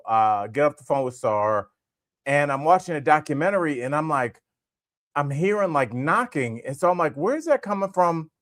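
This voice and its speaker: A man in his forties co-hosts a comedy podcast, telling an animated, rambling anecdote packed with fillers. His voice is fairly high-pitched, captured as a dry, studio-quality recording.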